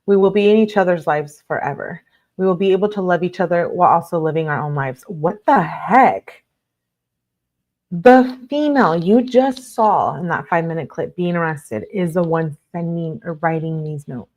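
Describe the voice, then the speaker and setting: A woman's voice: on the low side, a little fast, darkish tone. Outraged woman reading aloud live. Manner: reads aloud then reacts with blunt outrage, filler-heavy. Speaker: livestream host reading court documents. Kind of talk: casual live commentary.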